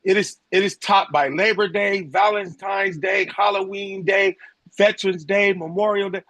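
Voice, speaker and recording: Man with a high, gravelly, husky voice. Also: steady tone, moderate pace, a bit bright, dry recording. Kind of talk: conversational radio talk.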